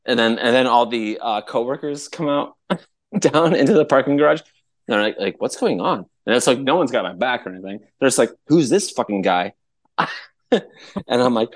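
A man co-hosting a podcast, telling a story in a casual, animated way, laughing often and pitching his voice up high when he quotes people. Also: normal speed. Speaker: podcast co-host.

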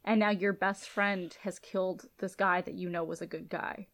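A woman co-hosting a podcast, casually recapping a TV episode and acting out characters' lines in a lowered, quiet voice. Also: normal speed. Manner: animated retelling, acts out lines in low soft voices. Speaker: podcast co-host.

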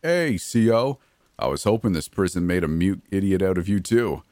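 A man's voice: low voice, animated, normal speed, darkish tone, no echo, studio quality. A man voicing a hostile male prison inmate who talks with mocking contempt. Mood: contemptuous. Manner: insulting, contemptuous.

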